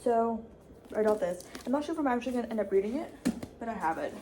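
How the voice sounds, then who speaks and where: A young woman, a college student, talking casually in a vlog from her dorm room, chatty with restarts and quick asides. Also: fairly high pitch, expressive, background noise. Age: young adult.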